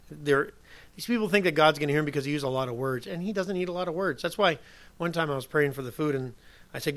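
A man preaching a sermon as pastor, emphatic, moving from soft asides to loud declarations. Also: fairly high pitch.

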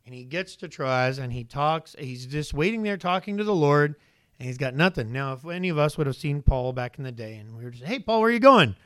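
A man's voice: mid-range voice, a little fast, clear, resonant tone, no echo. A male pastor preaching a sermon in a conversational way, often turning to the congregation with rhetorical questions.

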